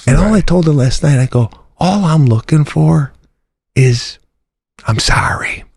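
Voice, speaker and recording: A man's voice: a little high, lively intonation, a little slow, gravelly, warm tone, slightly rough, no echo, studio quality. A middle-aged man co-hosting a podcast, venting in casual chat and acting out what others said. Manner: exasperated venting, acts out quotes. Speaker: podcast co-host.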